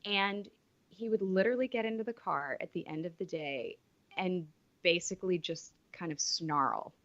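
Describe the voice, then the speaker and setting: Female guest, 30s; earnest, reflective, halting; slightly low voice; dull lo-fi remote sound. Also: a bit bright. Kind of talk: casual interview chat.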